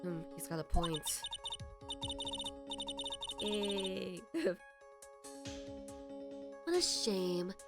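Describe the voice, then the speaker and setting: A woman's voice: mid-range voice, big pitch swings, very slow, long pauses. A woman streamer giving casual, chatty commentary while playing a story game, reacting emotionally as she goes. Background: game music.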